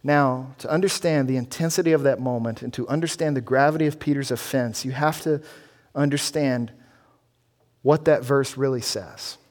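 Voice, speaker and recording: A man's voice: medium pitch, moderate pace, darkish tone. A male pastor preaching an expository sermon, earnest and building emphasis as he walks through a scripture passage.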